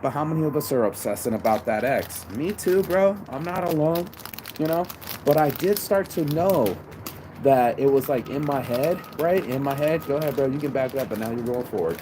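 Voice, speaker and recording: A man giving a casual, profane motivational rant outdoors by a busy road, preachy and calling the listener bro. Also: medium pitch. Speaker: motivational vlogger. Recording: loud traffic noise behind.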